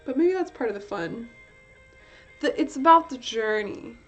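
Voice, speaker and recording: A woman's voice: a little high, expressive, moderate pace. A woman chatting on a live art stream as she draws, rambling and poking fun at herself, sometimes sliding into joke accents and swearing freely. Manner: rambling and self-mocking, with frequent swearing; tries out playful put-on accents. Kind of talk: casual live-stream chat while drawing. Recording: slightly dull stream audio with soft music behind. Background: quiet chill-hop music.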